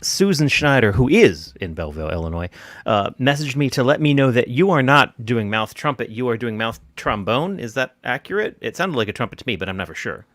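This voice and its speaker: Man hosting an open mic, lively pitch, jokey, announcer-style intros. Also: brisk, no room sound, clean studio sound. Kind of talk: casual live-stream hosting.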